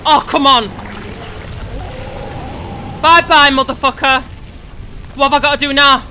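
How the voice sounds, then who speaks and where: A woman giving sweary, shouty, frustrated let's-play commentary over her gameplay. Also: high voice, steady tone, a little slow, pauses often, slight background noise.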